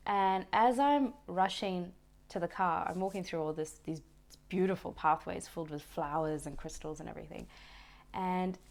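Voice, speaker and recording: Woman vlogger, low and creaky, reflective and unhurried, trips over her own restarts. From Australia. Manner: reflective, gentle, with frequent restarts and soft laughs. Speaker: wellness vlogger. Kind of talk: casual personal storytelling.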